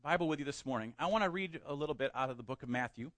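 A man's voice: mid-range voice, animated, racing, fairly bright tone, no room sound. A man preaching a sermon who reads scripture aloud, then preaches with rising emphasis and asks the congregation questions. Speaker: pastor.

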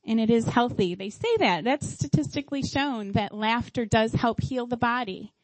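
A woman's voice: on the high side, normal speed, darkish tone, dry recording, rough recording. A middle-aged woman, a mother, telling family stories in a casual faith-based talk, acting out her own past lines with animation. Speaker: mother sharing parenting stories.

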